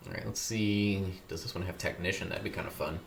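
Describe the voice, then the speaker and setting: A man's voice: low-pitched, steady tone, a little fast, creaky. A man streaming a game, chatting casually and joking while he plays. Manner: laid-back, joking, talks to himself while playing. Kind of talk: casual gaming chat.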